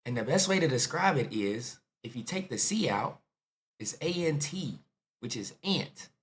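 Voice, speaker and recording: A man's voice: mid-range voice, expressive, measured pace, a bit bright. A man giving loose, slangy, incredulous commentary on videos he watches. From United States. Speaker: reaction video host. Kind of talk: casual reaction commentary.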